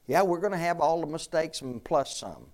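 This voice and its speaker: A man's voice: fairly high pitch, lively intonation, moderate pace, darkish tone. Guy preaching casual sermon, earnest and folksy, lots of restarts, asks the crowd stuff. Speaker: pastor. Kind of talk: conversational sermon with questions to congregation.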